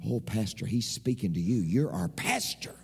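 A man voicing a meek older woman church singer, soft and deferential. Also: fairly low pitch, animated, normal speed, gravelly, slightly rough, big-room sound, pitched below the performer's own voice, heavily acted.

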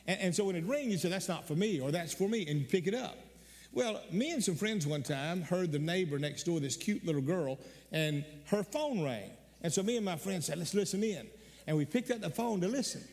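An older man delivers a sermon from a church sanctuary, his voice sitting a little high for a man. He tells stories earnestly, repeats words as he gathers himself, and climbs into sudden emphatic bursts. The sound rings out with a long hall reverb. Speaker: pastor.

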